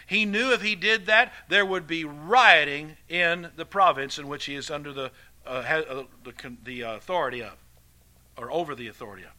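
A man preaching a sermon with animated delivery, swinging from loud emphatic passages to quiet, hushed ones. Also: a little high, moderate pace.

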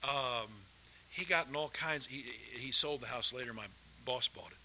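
A man preaching a sermon, rising loud for quotations and dropping low and quiet for folksy asides. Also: normal speed, a little hiss or hum, rough recording. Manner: folksy, addresses listeners as folks. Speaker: pastor.

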